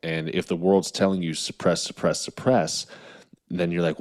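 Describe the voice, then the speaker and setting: A man with a very low voice talks as a podcast guest. He is earnest and reflective, working through his thoughts with plenty of "um" and "like.". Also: level tone, a little fast, darkish tone. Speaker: guest, naturopathic and chiropractic doctor. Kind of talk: casual interview chat.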